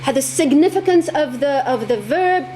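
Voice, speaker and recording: A woman's voice: sits high, lively intonation, normal speed, dark tone, a little hiss or hum. Impassioned woman. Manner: impassioned, repeats words for emphasis. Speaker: speaker at a religious talk. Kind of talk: religious talk to an audience. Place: lecture hall.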